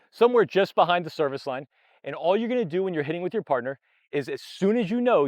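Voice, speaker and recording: A man's voice: medium pitch, no room sound. A man coaching tennis, explaining technique and drills in a direct, upbeat way, step by step. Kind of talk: instructional coaching talk.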